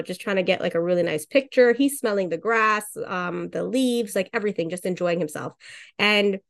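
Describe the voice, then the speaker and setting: A woman hosting a casual podcast as a dog trainer, telling stories in a chatty way with lots of fillers. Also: medium pitch. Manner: chatty storytelling with many fillers and laughs.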